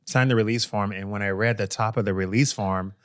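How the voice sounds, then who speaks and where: A man's voice: lowish voice, a little fast, no echo, studio quality. A man guest-hosting a casual show, telling a long, profane story and acting out the people in it. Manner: animated, profane storytelling with quoted voices. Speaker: guest co-host.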